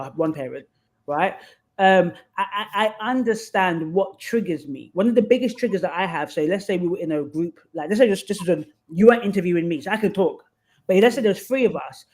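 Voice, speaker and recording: A woman's voice: fairly low pitch, darkish tone. A woman guest giving candid advice in conversation, acting out the voices of people she quotes. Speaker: podcast guest.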